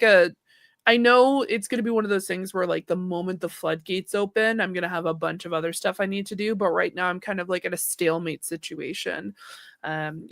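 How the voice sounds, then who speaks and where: A woman's voice: fairly low pitch, dry recording, studio quality. A woman co-hosting a gaming podcast, chatting casually and filling her talk with "like" as she tells stories. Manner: chatty, lots of "like" fillers, lively retelling. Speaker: podcast co-host.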